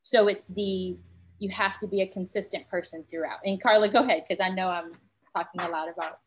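A woman's voice: on the low side, fairly even intonation, a little fast, a little hiss or hum. Woman panelist, candid storyteller, quotes people as she goes; round table discussion.

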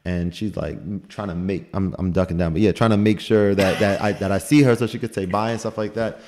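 A man's voice: fairly low pitch, steady tone, a little fast, noisy background. A young man chatting casually as a podcast guest, rambling and repeating words as he tells stories, laughing at times. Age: young adult.

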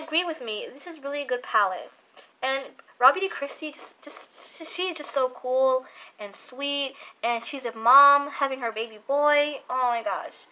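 A woman's voice: high voice, pushed and bright. A young woman chatting casually as a makeup vlogger, gushing and repeating herself, full of fillers. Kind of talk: casual chat reviewing makeup.

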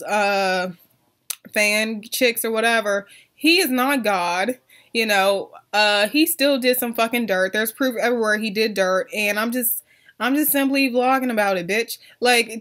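A woman's voice: fairly high pitch, fairly bright tone. A woman vlogger ranting on camera, blunt and profane, with lots of "like" and "um" fillers. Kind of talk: ranting vlog.

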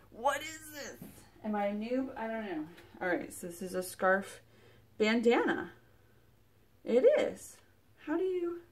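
A woman reviewing a subscription box in a casual unboxing vlog, chatty and rambling with lots of fillers and restarts, getting excited as she pulls out items. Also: a little high, slightly rough. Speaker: product reviewer.

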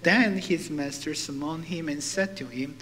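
A male pastor preaching a sermon, animated and putting questions to his congregation. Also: a little high, a little slow, slight background noise, poor audio.

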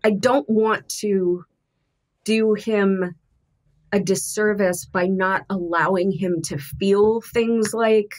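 A woman's voice: medium pitch, steady tone, darkish tone. A middle-aged woman, a podcast guest, talking candidly and thoughtfully with frequent restarts. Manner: earnest, thoughtful, halting with restarts.

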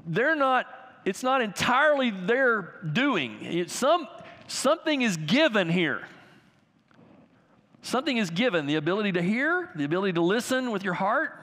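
A man preaching as pastor, lively and animated, turning to the children with everyday examples. His voice sits high and moves a lot. The sanctuary leaves a long reverb on every word. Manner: animated, talks to kids in the congregation with everyday examples. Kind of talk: sermon. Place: church sanctuary.

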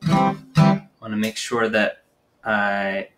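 Speaking very slowly in a fairly low monotone, a man entertains preschoolers as a children's musician. He strums his own guitar during a live sing-along and gives short spoken cues between songs.

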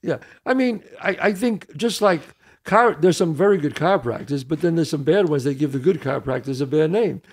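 A man hosting a relaxed talk show, with a slightly high voice that rises and falls a lot as he asks questions. He jumps in with quick reactions and musings. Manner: chatty, interjecting with quick reactions. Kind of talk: casual interview chat.

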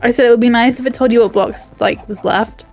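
A woman's voice: a little high, fairly even intonation, brisk, darkish tone, faint music behind. A woman playing along in a casual gaming chat, playful and teasing. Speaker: fellow player.

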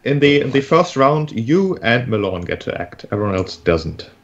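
A man running a tabletop game as game master, giving calm, matter-of-fact rulings. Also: medium pitch, normal speed. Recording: dull lo-fi mic.

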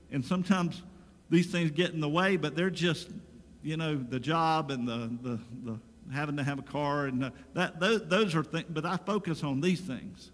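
A man preaching from the pulpit, his somewhat high voice carried by a long church reverb. He switches between reading scripture and talking casually to the congregation, building to emphatic points. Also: unhurried. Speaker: pastor. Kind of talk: sermon. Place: church sanctuary.

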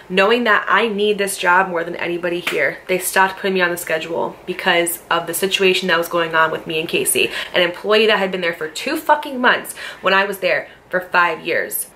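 Heated, bright-voiced young woman. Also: medium pitch, normal speed. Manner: heated, blunt and profane; confrontational, rhetorical questions. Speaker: storytime vlogger. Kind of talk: casual storytelling.

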